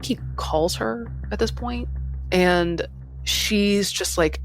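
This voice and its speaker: A woman, a friend of the storyteller, recalling events in a hushed, low-key way. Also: slow, faint music behind. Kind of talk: quiet conversational recollection.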